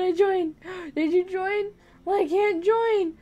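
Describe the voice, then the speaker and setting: A woman livestreaming a game, chatting to friends in the game in an excitable, giggly way, often shouting their names and apologizing. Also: very high voice, a little slow. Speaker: gaming livestreamer. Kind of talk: live gameplay chatter.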